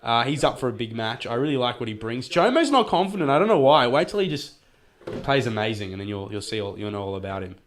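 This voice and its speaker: A man's voice: medium pitch, sing-song, fast. An Australian man co-hosting a casual sports podcast, hesitant and full of restarts but keen. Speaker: podcast co-host.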